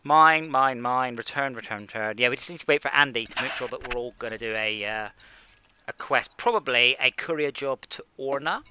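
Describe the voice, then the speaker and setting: A man's voice: mid-range voice, a little fast, pushed and bright, a little hiss or hum. A man streaming a space game, chatting casually and mocking himself as he plays. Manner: rambling, self-mocking, talks to himself while playing. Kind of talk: casual gaming chat.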